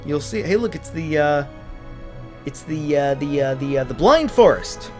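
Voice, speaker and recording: Lively sarcastic man commentating a game. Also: on the high side, moderate pace, faint music behind. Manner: playful, sarcastic, reads game text aloud. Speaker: let's play commentator. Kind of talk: casual gameplay commentary.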